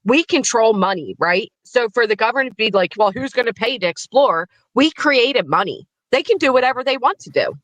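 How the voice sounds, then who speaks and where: A woman's voice: animated, brisk, hardly any pauses, fairly bright tone, no echo. Giggly woman on a dry phone mic. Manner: giggly, blunt, playful. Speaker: streamer. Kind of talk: casual live stream chat. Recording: dry, low-quality phone audio.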